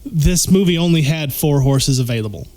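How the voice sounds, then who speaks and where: A man on a casual podcast, tearing into a movie's plot with blunt, profane remarks. His speaking voice sits a little on the high side. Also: expressive, moderate pace, a little mellow. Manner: blunt, profane, explains scenes at length. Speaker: podcast co-host. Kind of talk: casual movie review chat.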